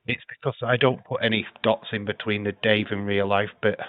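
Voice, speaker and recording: A man's voice: on the low side, level tone, fairly quick, no room sound. Man on a tinny phone line. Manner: swears freely, laughs often. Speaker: podcast host. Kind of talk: casual live podcast chat.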